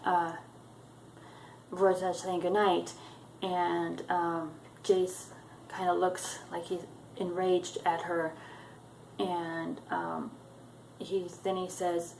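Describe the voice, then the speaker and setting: A woman's lowish, slightly mellow voice moves extremely slowly as she casually retells a book chapter for her viewers. Lots of ums and uhs mark her hesitant, loosely strung sentences, and the rough recording has slight background noise.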